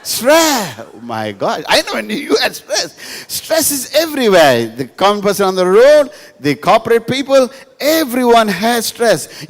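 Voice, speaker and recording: A male pastor, giving a humorous sermon to a live audience in a school hall, telling stories and repeating lines for emphasis. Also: high voice. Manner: storytelling with jokes, emphatic repetition. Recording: reverberant hall.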